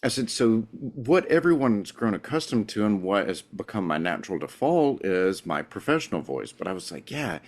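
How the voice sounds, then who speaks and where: Podcast guest: man, 40s, very low voice, light Southern lilt, chatty and self-deprecating. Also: sing-song, moderate pace, few pauses. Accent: mild Southern US, East Tennessee. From East Tennessee, USA. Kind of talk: casual conversational interview.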